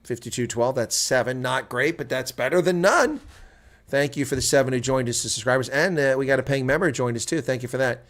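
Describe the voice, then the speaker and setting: An American man giving live reaction play-by-play commentary, chatty with viewers and breaking into loud shouts at big plays. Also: medium pitch, fairly quick. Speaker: host.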